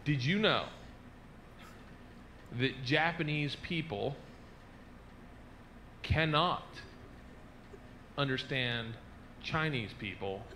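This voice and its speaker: Man, stand-up comedy, unhurried delivery, audience laughter, noisy live recording. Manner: animated, swinging from low confiding asides to loud shouted bursts. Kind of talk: stand-up routine.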